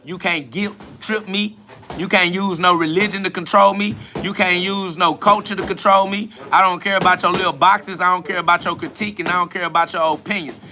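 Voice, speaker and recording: A man's voice: high voice, fairly even intonation, fairly quick, pushed and bright, a little hiss or hum. A man hosting a podcast livestream, answering chat comments in a blunt, profane, confrontational and preachy way, repeating his points for emphasis. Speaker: podcast host.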